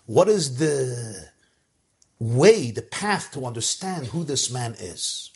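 A man's voice: medium pitch, big pitch swings, takes it slowly, darkish tone. Man, rabbi, Torah lecture, Ashkenazi Hebrew pronunciation, emphatic, repeats phrases. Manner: mixes Hebrew and Yiddish words into English.

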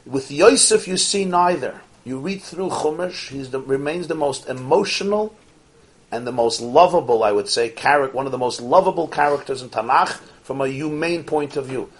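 A man teaching a Torah class, animated, posing rhetorical questions and swinging from soft asides to emphatic peaks. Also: mid-range voice, normal speed. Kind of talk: Torah lecture to an audience.

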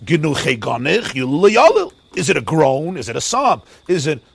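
Male Torah lecturer a lilt; animated preaching cadence, dry close recording. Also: a little high, moderate pace, gravelly, slightly rough, no room sound. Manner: animated, sing-song preaching with Yiddish and Hebrew terms. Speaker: rabbi teaching a Torah class.

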